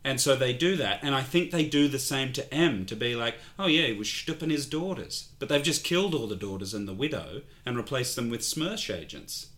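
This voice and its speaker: A man's voice: medium pitch, expressive, a little fast, few pauses, fairly bright tone. A man co-hosting a casual film review podcast, joking and rambling, often breaking into laughter. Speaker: podcast co-host.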